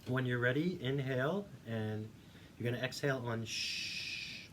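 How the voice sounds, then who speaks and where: A male voice teacher calmly guiding a singing warmup, giving encouraging instructions. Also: medium pitch, a little slow. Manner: demonstrates hums and vocal sounds. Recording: faint background noise.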